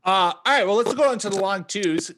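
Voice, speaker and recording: A man with a fairly high, bright voice talks through sports stats on a podcast. His pitch swings widely as he gets animated. He laughs often and swears in casual chat. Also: brisk. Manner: animated, laughing, profane, jumps up in pitch when stressing stats. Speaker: podcast co-host.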